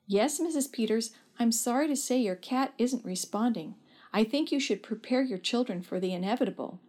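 A kindly veterinarian delivers hard news gently and plainly, as a woman reads his lines. The storybook vet stays measured and sympathetic. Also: on the high side, animated.

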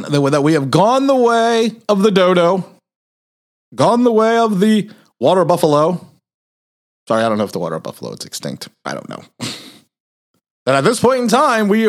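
A middle-aged man hosting a casual sports monologue, rambling with restarts and self-mocking laughs, sounding tired and grumpy. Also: medium pitch. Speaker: sports podcast host.

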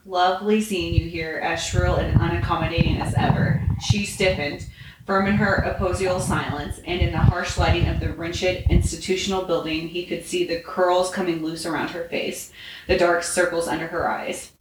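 A woman host reading a story aloud in a plain, steady way, with small slips and self-corrections. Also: on the low side, normal speed. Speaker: podcast host reading fan fiction. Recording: roomy echo, faint noise.

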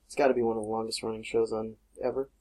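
A man's voice: lowish voice, level tone, racing, darkish tone. A man hosting a casual podcast chat, rambling and laughing often, with casual swearing. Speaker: podcast host.

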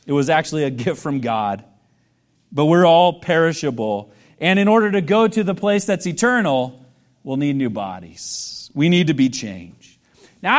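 A male pastor whose voice sits on the high side preaches a sermon conversationally, asking the congregation questions and joking with them.

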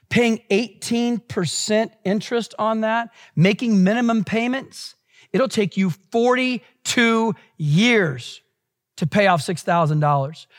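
A man from the United States preaching a sermon, emphatic, with dramatic slowdowns and repeated phrases. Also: high voice. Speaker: pastor.

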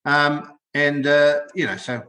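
An older Australian man chatting casually about rugby league, telling stories in an animated way and repeating words as he goes. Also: fairly high pitch, slow, reverberant. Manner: animated storytelling, repeats words when excited. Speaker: podcast co-host, former rugby league player. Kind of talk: casual sports chat.

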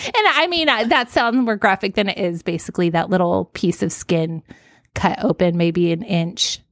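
A woman in her thirties co-hosting a podcast, telling stories in a casual, animated way and laughing often. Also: on the low side, moderate pace, no echo, studio quality. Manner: animated storytelling, laughs often, acts out panicked quotes. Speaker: podcast co-host. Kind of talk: casual chat.

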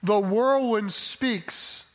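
A man's voice: high voice, drawn-out words. A man preaching a conversational sermon who keeps checking in with his listeners.

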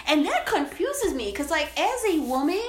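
Animated high-voiced woman ranting. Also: moderate pace, reverberant, a little hiss or hum. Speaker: podcast co-host. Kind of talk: casual podcast chat.

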